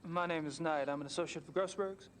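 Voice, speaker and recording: An actor playing a young man posing as an associate, speaking in a smooth, persuasive way in a game recording with faint noise. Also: fairly high pitch, fast talker, close to an everyday voice.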